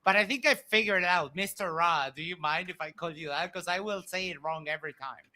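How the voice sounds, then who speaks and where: A male debate moderator with a high, very bright and sharp voice. He reads viewer donations in an upbeat way and laughs easily. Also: fairly quick. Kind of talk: live-stream moderation.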